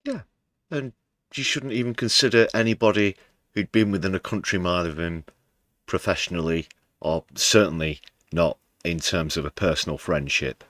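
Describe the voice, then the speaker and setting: A man's voice: deep voice, normal speed, fairly bright tone, dry recording. A British man hosting a political news livestream, talking casually with wry, sarcastic asides. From United Kingdom.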